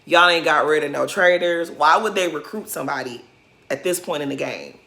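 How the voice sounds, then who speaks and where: Woman, casual reaction vlog, blunt and sassy, lowish pitch, bright forceful tone. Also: fairly quick, vocal fry. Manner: blunt, sassy, talks straight to the cast. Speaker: reality TV reaction vlogger.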